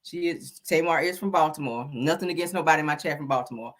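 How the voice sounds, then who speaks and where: A woman with a low voice talks fast as she hosts a gossip livestream, sassy and drawling, calling people "honey" and "child." Her live commentary is full of laughter as she mocks, with drawled asides throughout.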